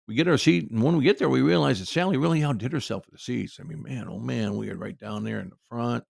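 A middle-aged man rattles through a personal story at a quick clip, his voice rough with gravelly fry. He rambles in a folksy, aside-heavy way, and the sound is close and dry with no room around it. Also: mid-range voice, a little mellow, no room sound. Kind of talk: casual personal anecdote.

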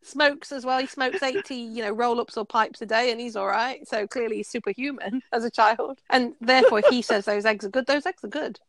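A woman co-hosting a casual chat, telling anecdotes in an animated way, acting out what people said and laughing often. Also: fairly high pitch, a little fast, few pauses, dry recording. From Britain. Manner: animated storyteller, acts out quoted voices, laughs often. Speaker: podcast co-host.

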